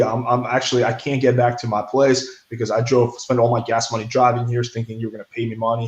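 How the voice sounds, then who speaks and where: A man's voice: mid-range voice, flat delivery, a little fast, muffled recording. A young man telling a story in a casual interview, blunt and profane, full of fillers like "like" and "right". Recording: echoey room.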